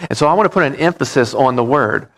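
Man, pastor, sermon, earnest, measured, mid-pitched voice. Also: lively intonation, a bit bright. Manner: earnest, measured preaching with repetitions and restarts.

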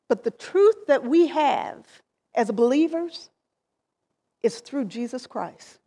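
A woman preaching a sermon, deliberate and emphatic, with phrases that rise and then trail off softly. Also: high-pitched, expressive. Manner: slow, deliberate preaching with emphatic rises and soft trailing endings.

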